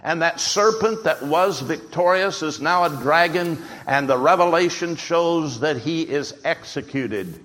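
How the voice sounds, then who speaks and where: A man's voice: a little high, measured pace, few pauses, a bit bright. A man preaching a sermon, emphatic and full of rhetorical questions. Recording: long hall reverb.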